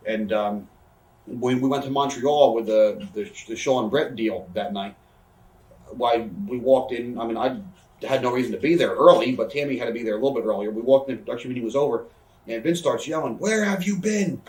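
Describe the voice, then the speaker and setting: A man in his thirties telling a backstage story in a casual interview, rambling, animated and swearing. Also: mid-range voice, brisk, roomy sound, distant mic, low-quality recording. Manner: rambling, animated, swears, acts out quoted voices. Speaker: interview guest, wrestler.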